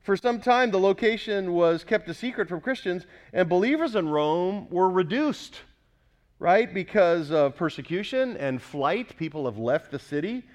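A male pastor delivering a sermon in a somewhat high voice. He preaches with emphasis and keeps asking his listeners questions. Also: lively intonation, moderate pace. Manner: emphatic, questions the congregation often.

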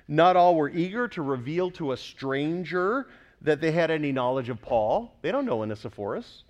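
A male pastor delivering a sermon in a somewhat high voice. He preaches with emphasis and keeps asking his listeners questions. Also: lively intonation, moderate pace. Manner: emphatic, questions the congregation often.

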